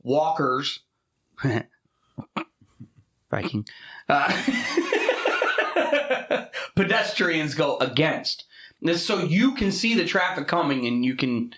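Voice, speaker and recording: A man co-hosting a casual podcast, telling profane, animated stories about driving and his daughter. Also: on the high side, drawn-out words, long pauses, roomy sound. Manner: profane, animated storytelling with laughs. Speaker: podcast co-host. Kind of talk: casual chat.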